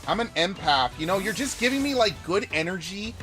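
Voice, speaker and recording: A man putting on the voice of an airy young woman who calls herself an empath, gushing in a drawn-out, breathy mocking tone. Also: high-pitched, expressive, bright, forceful tone, soft background music, pitched above the performer's own voice.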